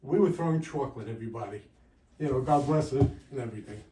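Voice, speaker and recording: A man in his sixties doing a stand-up comedy set with wry, punchy delivery, jumping louder for quoted lines. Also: mid-range voice, quick pace, a little hiss or hum. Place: comedy club stage. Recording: roomy live sound from a distance.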